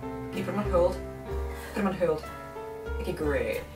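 A woman putting on a lowered, brusque voice as a self-important Santa persona who keeps taking business calls. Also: lively intonation, moderate pace, a little mellow, roomy sound, recorded from a distance, soft background music, close to an everyday voice. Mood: impatient. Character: Maltese, a pompous male Santa persona.

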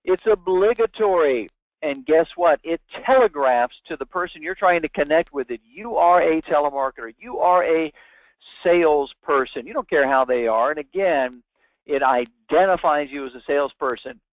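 A man's voice: on the high side, lively intonation, moderate pace, dry recording. A man giving a webinar lecture as a sales trainer, talking emphatically and acting out sample phone calls. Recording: dull, dry lo-fi webinar audio.

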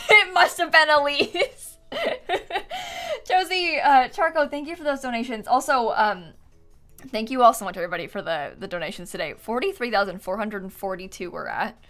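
A woman's voice: mid-range voice, lively intonation, fairly quick, faint music behind. A young woman chatting casually and giggling often as she streams herself playing a game. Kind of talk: casual live-stream chat while playing.

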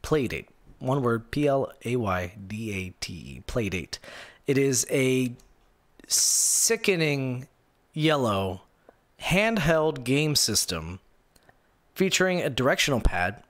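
Very animated yet slow-paced, this male gaming host has a medium-pitched, fairly bright voice. In a live-streamed rant he sounds sarcastic and incredulous, rambling with many restarts and fillers while reading viewer comments aloud.

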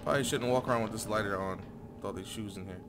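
A man giving casual gameplay commentary, cursing often and breaking into shouts at his character. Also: on the low side, very fast, loud music behind the voice. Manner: swearing, yells in bursts at the character. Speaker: gaming channel host.

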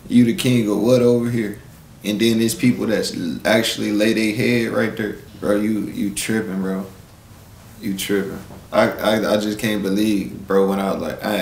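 A man's voice: fairly low pitch, roomy sound, slight background noise. A man giving a blunt, preachy commentary in street slang, lecturing his viewers and calling them "bro". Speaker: live-stream commentator. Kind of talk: casual commentary rant.

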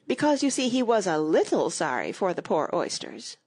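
A woman's voice: medium pitch, sing-song, normal speed, darkish tone, breathy edge. A woman voicing an earnest young girl in a storybook, speaking in a raised, sympathetic way.

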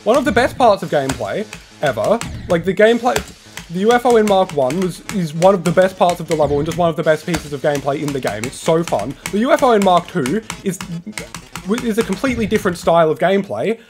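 High, lively male gamer ranting. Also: fast talker, a little hiss or hum. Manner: frustrated, rants about the level. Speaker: gamer playing live. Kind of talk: live gameplay commentary.

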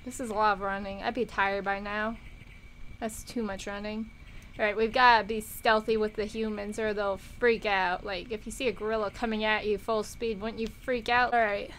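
Bright-voiced excitable woman gaming. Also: a little high, normal speed, slight background noise, low-quality recording. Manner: excitable, swears and shrieks at the game. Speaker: gaming YouTuber. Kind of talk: casual gameplay commentary.

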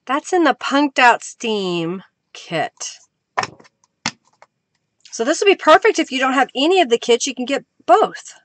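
Her voice high and swinging widely in pitch, the crafting livestream host talks a little slowly and pauses often. She chats as she works, welcomes viewers, and cheerfully reads out their comments.

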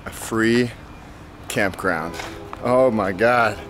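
A man's voice: fairly low pitch, extremely slow, a bit bright, faint music behind. A man vlogging to camera outdoors at a campground, sweaty and exhausted after a long day of riding, upbeat and laughing often. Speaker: cycling vlogger. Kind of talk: casual vlog talk to camera.

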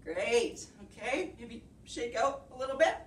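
A woman preschool teacher speaks slowly and gently to young children, her fairly high voice rising and falling in a very lively, sing-song way. She leads circle time and reads a storybook aloud with encouragement. The recording is echoey, with a faint hiss behind her. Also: recorded from a distance.

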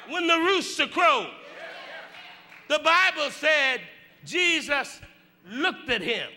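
A man, a bishop, preaching a sermon in a church with slow, rhythmic delivery, shouting and half-singing his phrases. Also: very high-pitched, sing-song, big-room sound, some chatter behind, slight background noise. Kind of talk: whooping Black church sermon. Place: church sanctuary.

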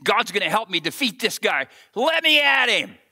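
Male preacher as a cocky young shepherd, quick, confident, bright. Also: high voice, sing-song, gravelly, slightly rough, heavily acted. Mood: eager.

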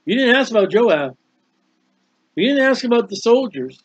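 A high-voiced American man teaching a Bible study, moving from slow, careful scripture reading into homespun explanation. The recording is dry and muffled, like an old lo-fi tape, with no room sound at all. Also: sing-song, husky, no echo. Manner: reads scripture slowly, then explains in plain folksy asides.

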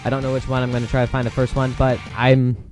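A young man casually commenting on a game as he plays, excitable and quick to exclaim. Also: mid-range voice. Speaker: gameplay commentator. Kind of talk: casual let's play commentary. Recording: game music and gunfire loud behind voice. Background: game music and gunfire.

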